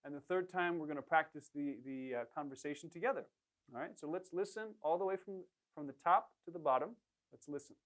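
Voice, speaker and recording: A man's voice: fairly high pitch, fairly quick, fairly bright tone. Patient man coaching language drills. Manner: patient, encouraging, repeats prompts. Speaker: Korean language instructor.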